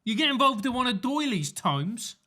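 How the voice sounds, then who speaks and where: A man's voice: very high-pitched, sing-song, normal speed, sharp tone. A man hosting a podcast in casual comedic chat, jokey and teasing, laughing often. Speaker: podcast host.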